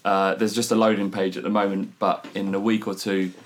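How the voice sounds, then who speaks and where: A man's voice: deep voice, little pitch movement, fairly quick. A man hosting a podcast in loose casual banter, swearing and laughing with his co-hosts. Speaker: podcast host.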